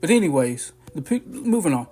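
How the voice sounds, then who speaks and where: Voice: medium pitch, very animated, fairly quick, warm tone, faint music behind. A person in their forties telling a long personal story to camera in a loose, rambling way, with frequent swearing and restarts. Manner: rambling, profane, full of restarts and fillers. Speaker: vlogger. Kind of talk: casual storytelling.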